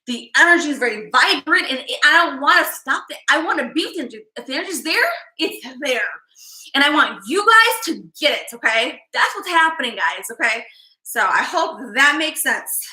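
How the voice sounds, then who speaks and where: A woman from Chicago hosting a live psychic stream, talking fast with intense energy. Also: high-pitched, expressive, sharp tone, echoey room, poor audio. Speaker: psychic livestream host. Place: live-stream setup, indoors.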